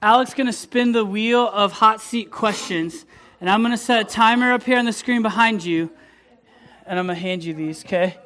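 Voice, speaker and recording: Brief: energetic male youth leader, bright high voice, playful and quick to joke with the room. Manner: upbeat, energetic, joking with the room. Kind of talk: lively youth group game and teaching.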